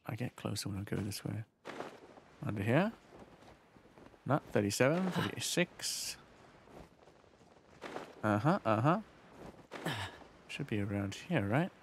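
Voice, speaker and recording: A man streaming a game live, chatting casually as he plays, rambling, swearing freely and often clearing his throat. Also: on the low side, expressive, measured pace, pauses often, a little hiss or hum. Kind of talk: casual live gameplay commentary.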